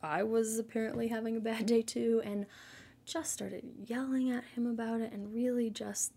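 A Christian mother giving an earnest, gentle devotional talk in a casual way, often dropping to a soft near-whisper. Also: a little high, flat delivery, normal speed, gravelly, husky.

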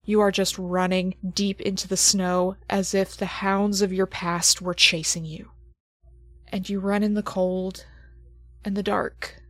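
Slow, hushed woman narrating horror. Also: mid-range voice, level tone, dry recording, studio quality. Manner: slow, hushed, dropping to near whispers for suspense. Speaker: game master. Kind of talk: dramatic horror game narration.

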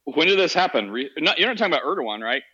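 Bright-toned man on a dull lo-fi line. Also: fairly high pitch, sing-song, husky. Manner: joking, quick questions. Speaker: podcast host. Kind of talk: casual online chat.

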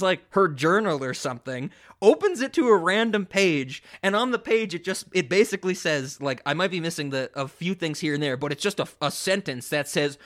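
A man's voice: fairly high pitch, fairly quick, few pauses. Rambling, cursing podcast co-host man. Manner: rambling, profane, animated retelling with many restarts. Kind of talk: casual podcast chat.

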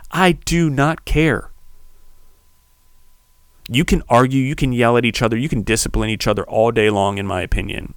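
A man hosting a podcast, delivering a heated, preachy solo monologue that swears and builds to shouting. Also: on the low side, clear, resonant tone, no room sound, studio quality. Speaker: podcast host.

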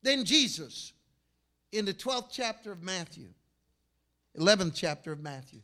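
A man preaching a fiery sermon, telling a story and swinging from shouts to hushed tones. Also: high voice, expressive, moderate pace.

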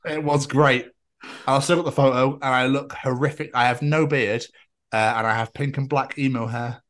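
A man's voice: mid-range voice, fairly even intonation, moderate pace, a bit bright. A man co-hosting a podcast, telling a long story in casual chat and acting out what people said. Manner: chatty storyteller, acts out quotes. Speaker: podcast co-host.

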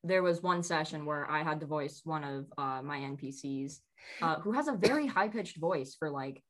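A woman with a notably low voice talks about running her tabletop game. She keeps a fairly flat, monotone delivery even when she sounds pleased. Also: moderate pace. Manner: self-described monotone. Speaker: game master. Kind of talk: casual chat.

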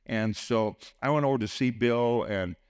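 A man's voice: mid-range voice, moderate pace, clear, resonant tone, no room sound, studio quality. A middle-aged man preaching a sermon, telling personal stories and acting out the people in them. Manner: storytelling, acts out quoted voices with sudden lifts. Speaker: preacher on a church teaching team.

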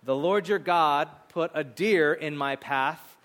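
A man's voice: on the high side, takes it slowly, fairly bright tone. A man doing a nervous scheming young Jacob. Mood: lying. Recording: long hall reverb.

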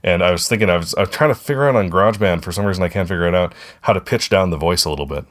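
A man with a very low, deep voice hosts a podcast in easygoing chat. He rambles, circles back and corrects himself mid-thought in a friendly tone. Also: rapid-fire. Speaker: podcast co-host. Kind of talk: casual chat.

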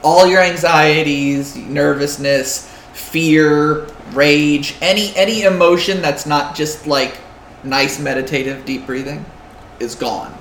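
A man running a tabletop game as game master, narrating slowly with hesitant fillers. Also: on the high side, steady tone, a bit bright, a little hiss or hum. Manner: slow, soothing descriptive narration with hesitant fillers. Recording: echoey room.

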